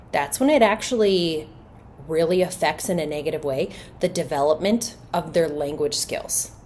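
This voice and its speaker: Emphatic, lower-voiced woman podcast host. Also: slight background noise. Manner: animated and emphatic, with rhetorical questions and quick laughs. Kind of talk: parenting podcast monologue.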